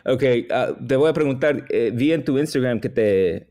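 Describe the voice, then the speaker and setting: A man's voice: mid-range voice, expressive, a little fast, mellow. A man hosting a podcast in casual interview, stammering into questions and laughing easily. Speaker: podcast host.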